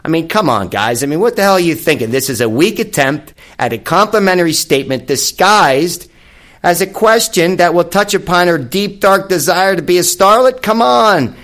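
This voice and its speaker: A man's voice: high-pitched, lively intonation, moderate pace, fairly bright tone. A man giving a casual, sarcastic monologue on dating advice, mocking each line with emphatic scorn.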